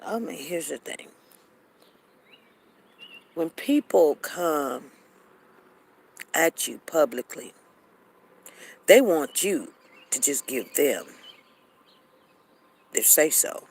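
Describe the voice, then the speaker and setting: A woman's voice: low-pitched, expressive, takes it slowly, pauses often, slightly rough. A woman hosting a casual live chat room, acting out both sides of arguments and repeating phrases.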